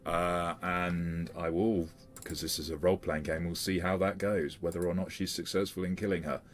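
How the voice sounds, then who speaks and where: A man's voice: low-pitched, flat delivery, normal speed, a little hiss or hum. A man running a tabletop game as game master, talking things through with frequent fillers. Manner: hesitant, with fillers and restarts.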